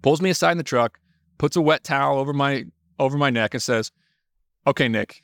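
A young adult man, a podcast guest, telling animated stories in casual talk, swearing freely and acting out quotes. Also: medium pitch, normal speed, dry recording, studio quality. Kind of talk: casual storytelling.

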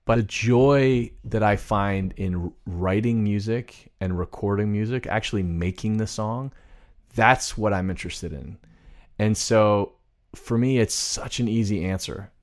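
A man co-hosting a music podcast, talking earnestly and deliberately, reading lyrics aloud. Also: fairly low pitch. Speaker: podcast co-host. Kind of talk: casual music podcast chat.

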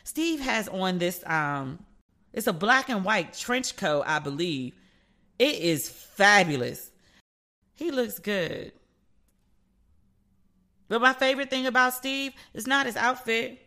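A woman hosting her own podcast, talking in a loose, playful way and slipping into the voices of the people in her stories. Her tone is bright and forward, with a middling pitch. Her speech carries features. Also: takes it slowly, pauses often. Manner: chatty, playful storytelling with animated quoted voices. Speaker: podcast host. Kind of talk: casual solo podcast commentary.

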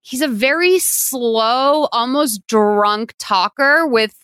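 A woman co-hosting a podcast, chatting casually about a movie with quick asides and frequent laughs. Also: on the high side, a bit bright, smooth, no echo. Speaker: podcast co-host.

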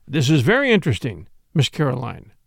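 A man's voice: medium pitch, wildly swooping pitch, fairly quick, creaky, a bit bright, dry recording, studio quality, heavily acted. A man voicing a bluff, jovial elderly retired army colonel who speaks in a hearty, teasing way. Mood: curious.

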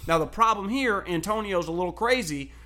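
A man co-hosting a sports talk show, telling stories in an animated, profane way and laughing often. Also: high-pitched, fairly quick. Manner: animated storyteller, swears freely, laughs often. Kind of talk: casual sports debate chat.

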